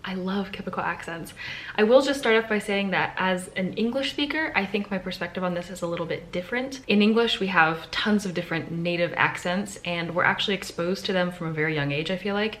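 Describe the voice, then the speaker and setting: A woman's voice: fairly low pitch, a little fast, a bit bright, a little hiss or hum. A woman talking casually to camera in a hotel room, chatty and enthusiastic as she thinks aloud. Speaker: travel vlogger. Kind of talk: casual vlog talk to camera.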